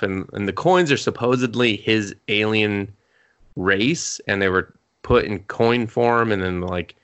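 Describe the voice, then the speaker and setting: A man casually recapping an episode on a podcast, rambling and swearing, slipping quoted lines into quick put-on voices. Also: lowish voice, fairly bright tone, smooth. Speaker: podcast co-host.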